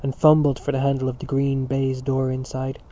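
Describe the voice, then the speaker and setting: Dark-voiced male audiobook narrator. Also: medium pitch. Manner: measured, even storytelling. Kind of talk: scripted narration. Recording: dull lo-fi recording.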